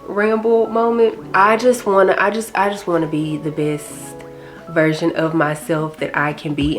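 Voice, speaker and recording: Chatty, low-voiced woman vlogger. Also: fairly bright tone. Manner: rambling, candid, casual slang. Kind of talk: chatty personal vlog talk.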